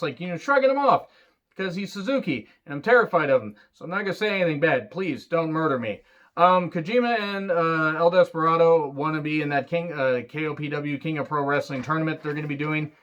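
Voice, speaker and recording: A man giving a casual solo wrestling review, excitable and rambling, swearing freely. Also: on the high side, highs cut off.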